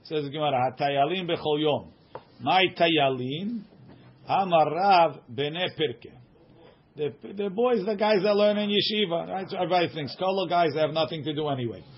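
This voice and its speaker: A man's voice: fairly high pitch, moderate pace. A man teaching a study group, reading aloud and translating line by line, checking in with "right?". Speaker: Talmud teacher. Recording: dull lo-fi recording.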